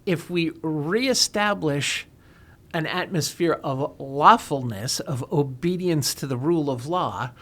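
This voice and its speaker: A man's voice: a little high, slow, a bit bright. A man explaining and arguing a legal point in an emphatic, lawyerly way on a talk show.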